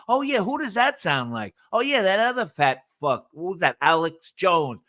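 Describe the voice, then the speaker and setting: A man ranting loudly and swearing as a guest on a casual live stream. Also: sits high, big pitch swings, moderate pace, few pauses. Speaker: guest, host's husband.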